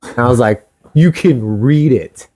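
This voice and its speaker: Young male co-host, casual storyteller, animated, profane, mid-pitched. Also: measured pace. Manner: animated, swears freely, acts out quotes.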